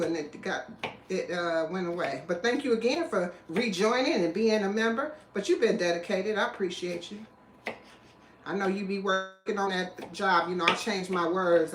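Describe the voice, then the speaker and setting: A chatty woman hosts a live cooking show from her kitchen. She rambles between chopping and greeting viewers. Her voice bounces around an echoey room with a faint hum of noise behind it. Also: lowish voice. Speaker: cooking livestream host. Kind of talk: casual live cooking chat. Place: home kitchen.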